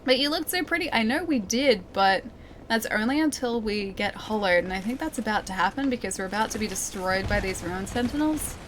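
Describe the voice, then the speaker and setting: A woman's voice: medium pitch, expressive, brisk, slight background noise. Giggly Australian woman streamer. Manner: chatty, giggly, talks to chat while playing. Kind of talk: let's play commentary.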